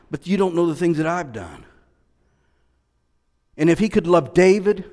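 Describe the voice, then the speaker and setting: A male pastor preaches in a church, moving from easy, conversational talk to loud, emphatic stretches and often repeating his words. His voice sits a little high for a man. The sound rings with the long reverb of a large hall. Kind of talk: sermon.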